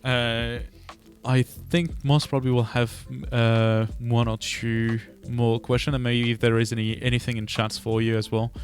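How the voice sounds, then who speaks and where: A man hosting a podcast interview, speaking casually and hesitantly with many pauses and restarts. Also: mid-range voice, little pitch movement, soft background music. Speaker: podcast host.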